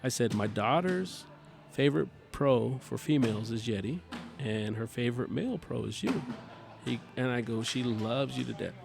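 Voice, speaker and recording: A man's voice: medium pitch, animated, moderate pace, vocal fry, a crowd in the background. A man, a guest on a talk show, chatting casually and animatedly, acting out bits of dialogue as he tells a story. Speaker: podcast guest, cornhole player.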